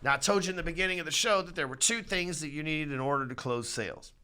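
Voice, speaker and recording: A brash, preachy man in middle age gives a sales talk laced with swearing. His voice sits a little high and sounds bright and forceful. He lectures without holding back. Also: fast, clean tone. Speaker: podcast host. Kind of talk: profane motivational sales talk.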